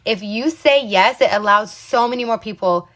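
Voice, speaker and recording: A woman's voice: a little high, moderate pace, fairly bright tone. A young adult woman in sales, giving a fired-up, passionate motivational talk on a livestream. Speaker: direct sales rep.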